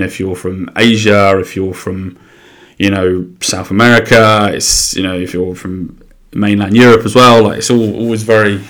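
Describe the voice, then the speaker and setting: Young English guy hosting his own podcast, lowish voice, chatty and blunt, swears, lots of restarts. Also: a bit bright. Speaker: solo podcast host. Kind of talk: casual rambling monologue.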